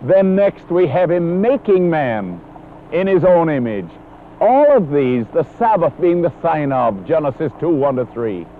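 A man delivers a sermon in an earnest, emphatic way, his voice pitched high and swinging widely in tone. The old recording sounds thin and phone-like, with a faint hiss underneath. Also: big pitch swings, a little slow. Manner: earnest, emphatic, quotes scripture. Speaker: preacher.

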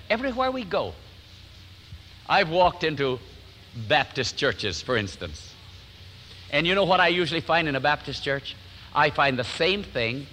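Older male pastor, lively bright voice. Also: fairly high pitch, big-room sound, a little hiss or hum, poor audio. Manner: warm storytelling, acts out quotes, chuckles often. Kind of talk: sermon. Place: church sanctuary.

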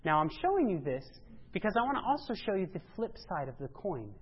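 Emphatic woman preacher, husky voice. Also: sing-song, a little fast. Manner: emphatic, rising to loud exclamations then dropping low. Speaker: speaker giving a church presentation. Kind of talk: sermon. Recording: dull lo-fi sound.

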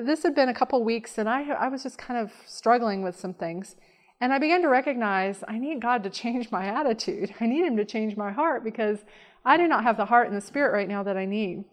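A woman preaching to a congregation, her voice sitting a little high. She talks in an earnest, personal way, weaving a story through her message with soft laughs along the way. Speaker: speaker. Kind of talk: sermon.

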